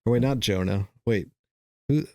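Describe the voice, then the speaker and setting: A man's voice: on the low side, moderate pace, gravelly, warm tone, no echo, studio quality. A man co-hosting a film podcast, musing in a rambling way with many fillers. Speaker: podcast co-host. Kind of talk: casual chat.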